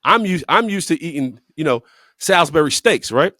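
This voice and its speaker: A man co-hosts a casual talk show, telling a story in a blunt, profane way. His pitch rises and falls a great deal as he leans on repeated words. The sound is dry, with no room echo. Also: animated, moderate pace, sharp tone. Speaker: podcast co-host.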